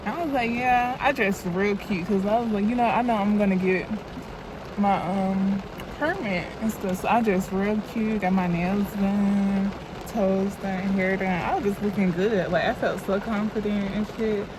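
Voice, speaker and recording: A woman's voice: mid-range voice, fairly even intonation, unhurried, noisy background. A young woman, telling a storytime in a loose, chatty, profane way into a phone camera while doing her makeup. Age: young adult. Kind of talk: casual storytime vlog.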